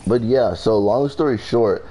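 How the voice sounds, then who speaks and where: A man's voice: lowish voice, unhurried, mellow, slight background noise. A young man casually telling a storytime vlog story, rambling and profane with lots of fillers. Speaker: vlogger.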